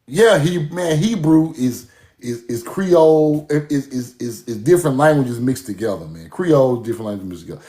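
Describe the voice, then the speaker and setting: A man's voice: mid-range voice, normal speed, roomy sound. A man, talking casually and mockingly in a profane rant to his audience. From US South. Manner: animated, laughing, mocking, profane.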